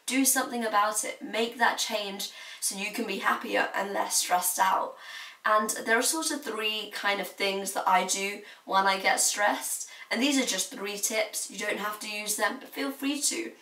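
A woman's voice: mid-range voice, fairly even intonation, measured pace, bright, forceful tone, far from the mic. A young woman, giving candid, chatty advice to her viewers. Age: late teens. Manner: chatty and confiding, laughs now and then. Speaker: student vlogger. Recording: roomy, mic set back.

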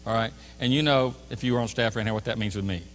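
A man's voice: fairly low pitch, fast, a little hiss or hum. A man preaching a sermon as a pastor, telling a story animatedly and acting out both sides of a store exchange. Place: church sanctuary. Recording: church hall reverb.

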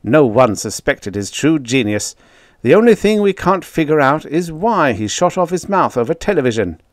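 A man voicing an agitated male defense secretary who talks quickly and indignantly. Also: a little high, very animated, dry recording, studio quality, pitched above the performer's own voice.

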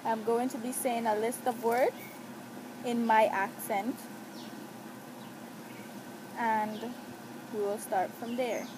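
A woman from St. Croix with a Cruzan accent, doing a casual accent-tag vlog, deliberately sounding out single words one by one. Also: on the high side, flat delivery, noisy background. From St. Croix, US Virgin Islands. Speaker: vlogger.

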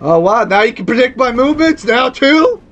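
A man giving angry, profanity-filled commentary while playing a video game and yelling at the enemy. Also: very high-pitched, lively intonation, moderate pace, muffled recording. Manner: furious, swearing, yelling at the game. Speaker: gameplay streamer.

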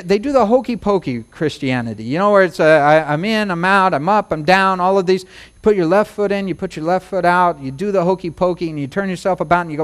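High-voiced preacher man, folksy. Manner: folksy, humorous preaching with rhymes and acted-out quotes. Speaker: pastor. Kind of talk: sermon.

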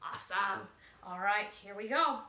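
A woman's voice: mid-range voice, animated, normal speed, sharp tone, echoey room. A woman teaching a movement and music class to young children, encouraging and sing-song.

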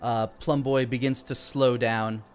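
A man narrating a tabletop fantasy game as dungeon master, relaxed, with fillers and restarts. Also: mid-range voice, measured pace, smooth, faint music behind.

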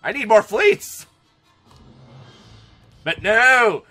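A man commentating his own strategy game play, excitable, joking and swearing as he goes. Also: a little high, unhurried, pauses often, slightly rough, soft background music. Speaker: gameplay commentator.

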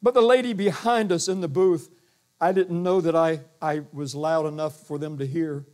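An older pastor preaches with a booming voice that sits a little high for a man. He rambles and restarts, acting out quotes as he goes. He speaks from inside a church. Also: fairly even intonation, moderate pace, a little mellow. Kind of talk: sermon. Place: church sanctuary.

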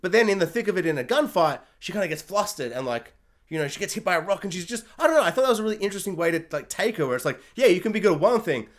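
High-voiced man rambling through a review. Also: very animated, very fast. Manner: rambling, jokey, self-correcting, puts on silly voices for characters. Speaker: show reviewer. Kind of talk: casual spoken review.

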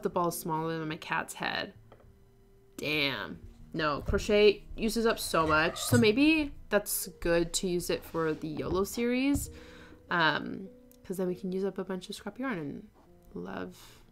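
A woman's voice: fairly low pitch, fairly bright tone. A young woman hosting a knitting livestream, chatting casually and effusively as she reads out viewers' posts, with lots of fillers.

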